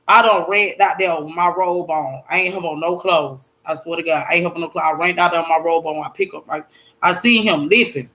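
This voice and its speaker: A young woman vlogger telling a personal story in a blunt, profane, repetitive way, breaking into loud exclaimed quotes. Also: lowish voice, fairly quick. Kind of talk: emotional storytime monologue.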